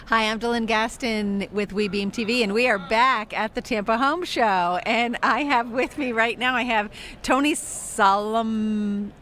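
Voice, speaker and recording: A woman reporter interviewing a guest at a home show, upbeat and quick to giggle. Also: on the high side, a bit bright, slight background noise. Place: home show floor indoors.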